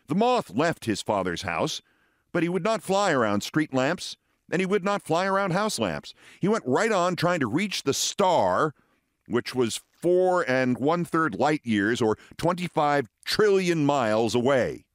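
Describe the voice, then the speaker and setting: A theatrical man in his sixties reads fables aloud, letting his pitch rise and fall widely. His delivery is expressive and deliberate. The sound is close and dry with no room echo. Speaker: host.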